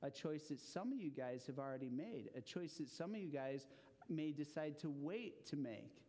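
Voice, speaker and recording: This children's sermon comes from a man with a slightly high voice at a moderate pace, delivered animatedly in a church hall full of long reverb. Along the way he stops to put questions to the audience.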